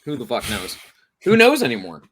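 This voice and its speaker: A man chatting on a casual podcast panel, excitable, swearing freely and laughing loudly. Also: medium pitch, brisk.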